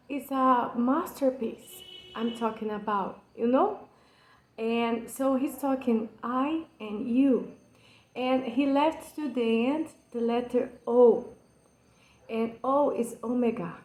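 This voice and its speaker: With a steady tone and a voice on the high side, this Brazilian channel host slowly walks through a poem in English, her second language, with a Brazilian Portuguese accent. She's earnest and passionate, though her speech is hesitant and full of fillers and restarts. The rough recording sounds like an echoey room.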